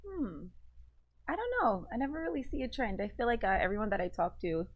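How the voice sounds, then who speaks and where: A young woman from New Jersey, a radio personality, speaking as a relaxed guest on a radio interview, laughing lightly. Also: fairly high pitch, fairly quick, highs cut off. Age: young adult.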